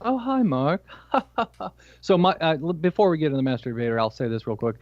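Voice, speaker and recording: A man's voice: mid-range voice, animated, very fast, dry recording, lo-fi sound. A man co-hosting a podcast in casual chat, telling stories with a laugh. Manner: jokey, laughs at his own stories. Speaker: podcast co-host.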